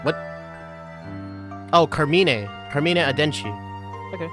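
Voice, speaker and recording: A woman's voice: low voice, lively intonation, unhurried, over music. A woman streamer giving casual, playful commentary while playing a game. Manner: chatty, playful asides. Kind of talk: casual let's-play commentary.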